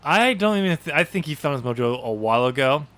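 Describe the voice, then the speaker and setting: A man's voice: on the high side, expressive, fast, fairly bright tone. A man co-hosting a podcast in casual chat, rambling with lots of ums and easy laughs. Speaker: podcast co-host.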